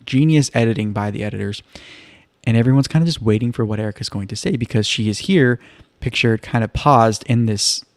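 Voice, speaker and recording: A man's voice: mid-range voice, brisk, no echo. A man hosting a casual live-streamed recap of a reality show, chatty and loose with wry asides. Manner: chatty, loose, leans on "kind of" and "like"; relaxed storytelling with wry asides.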